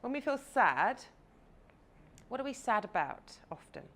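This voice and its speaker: A woman's voice: fairly high pitch, sing-song, unhurried, fairly bright tone, slight background noise. A woman, a confidence coach giving a chatty, playful talk to a live audience on stage.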